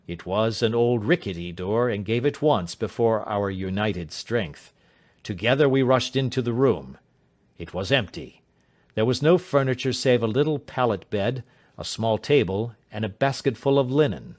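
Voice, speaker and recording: A man giving a measured, dramatic audiobook narration. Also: on the low side, expressive, a little mellow. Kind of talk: scripted narration.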